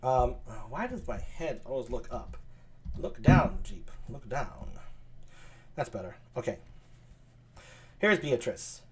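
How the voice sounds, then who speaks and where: A man's voice: mid-range voice, big pitch swings, takes it slowly, pauses often. Chatty man on a live stream. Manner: chatty, self-deprecating, hesitant. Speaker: streamer reading a play. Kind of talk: casual live-stream reading.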